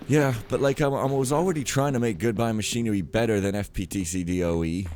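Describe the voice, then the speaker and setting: A man's voice: fairly low pitch, fast, darkish tone, slight background noise. A man giving casual gameplay commentary, rambling and cutting himself off as he rants. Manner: rambling, self-interrupting, ranting. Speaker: let's player.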